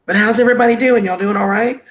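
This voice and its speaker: A woman's voice: medium pitch, fairly even intonation, fast talker. A woman hosting a casual live stream, congested and sniffly with a cough, greeting viewers with endearments over a laptop microphone.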